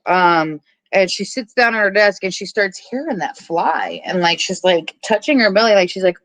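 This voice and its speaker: A podcast host recapping a horror film in casual chat, animated and profane, with lots of filler words and acted-out bits of dialogue. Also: mid-range voice, dry recording. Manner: acts out characters' lines in quick asides.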